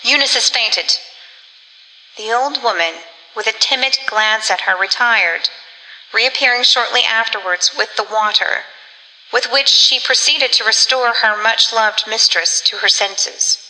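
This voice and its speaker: A woman reading a gothic story aloud as a narrator in measured storytelling. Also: fairly high pitch, pushed and bright. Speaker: audiobook narrator. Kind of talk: scripted narration. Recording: long reverb.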